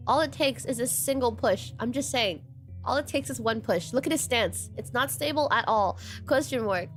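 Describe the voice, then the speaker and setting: A woman streaming a dating sim, reacting to the story and chatting with viewers in an animated, swearing way. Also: high-pitched. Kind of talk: live game commentary reading a dating sim aloud.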